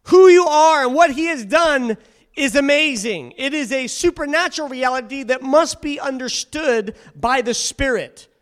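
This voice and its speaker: Male preacher with a very high voice, fervent and exhorting, leading a church congregation. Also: animated, normal speed. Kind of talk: sermon.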